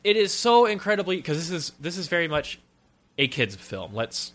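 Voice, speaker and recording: A man talking through a film in a casual podcast chat, animated and sarcastic. His voice is bright and forward, sitting a bit high for a man. He rattles off jokes and opinions freely. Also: moderate pace.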